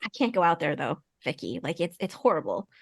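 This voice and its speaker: A woman playing a reclusive young woman who confides gently and reluctantly in a tabletop game. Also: deep voice, big pitch swings, brisk, vocal fry, breathy edge, no room sound, studio quality, exaggerated voice. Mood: confiding. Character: reclusive young woman Claire, a social media poster.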